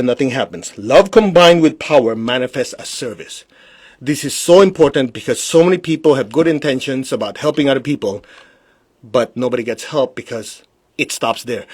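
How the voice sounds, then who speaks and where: A man's voice: mid-range voice, moderate pace, darkish tone, breathy edge. A man giving a live-streamed spiritual teaching in a blunt, emphatic way, with pointed rhetorical questions. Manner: mocks excuses with put-on quoted voices.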